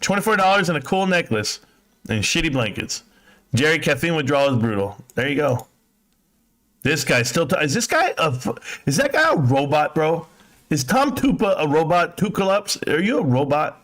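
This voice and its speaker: A man's voice: on the high side, big pitch swings, moderate pace, a bit bright. A man in his fifties hosting a live stream, chatting casually and crudely, joking and mocking as he reads comments. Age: 50s. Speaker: livestream host.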